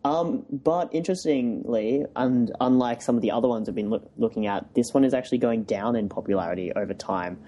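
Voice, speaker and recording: A man co-hosting a casual podcast, measured and hesitant, thinking aloud with many fillers. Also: medium pitch, mellow. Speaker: podcast co-host. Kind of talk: casual chat.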